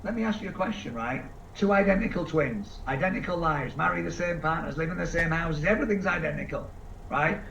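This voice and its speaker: Energetic man in an echoey room. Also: on the high side, gravelly. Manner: energetic, asks the audience questions, acts out quick voices. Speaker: seminar speaker. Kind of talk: live motivational seminar talk. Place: large event room with live audience. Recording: echoey room, distant mic, dull sound, faint background noise.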